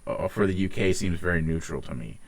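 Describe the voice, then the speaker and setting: A man's voice: low-pitched, lively intonation, a little fast. A young man from Ohio with a slight Northeastern US tinge, chatting casually on a podcast and rambling with lots of "like"s and restarts. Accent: Ohio with some Northeastern US traits. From Ohio, United States. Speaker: podcast co-host. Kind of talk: casual chat.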